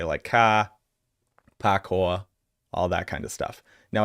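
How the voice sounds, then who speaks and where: A man's voice: sits low, no echo, studio quality. A young adult man with a Boston accent, rambling through casual reaction commentary with lots of filler words. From Massachusetts, US. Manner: rambling, filler-heavy storytelling. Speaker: streamer.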